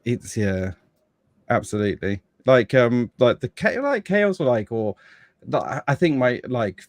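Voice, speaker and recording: A man's voice: medium pitch, big pitch swings, measured pace, no room sound, studio quality. A man chatting casually as a podcast guest about fatherhood, rambling with many restarts and fillers.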